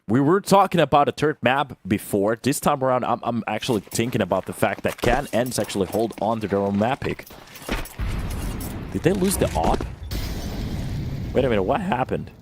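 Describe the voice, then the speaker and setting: A young man giving live play-by-play commentary on an esports match, swinging from calm analysis to loud bursts of excitement. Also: moderate pace, a little hiss or hum. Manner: calm analysis that jumps to loud, high-pitched excitement on big plays. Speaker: esports caster.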